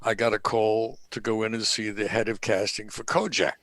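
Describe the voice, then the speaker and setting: A man's voice: lowish voice, normal speed, no echo. Older New man telling stories. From New York. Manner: animated anecdotal, acts out quoted voices. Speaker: guest actor. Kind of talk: storytelling interview.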